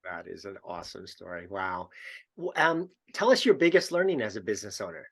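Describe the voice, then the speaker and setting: Brief: man hosting, deep and lively in pitch, slow, warmly enthusiastic replies. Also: vocal fry, husky. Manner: enthusiastic, encouraging reactions. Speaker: podcast host. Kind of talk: interview hosting.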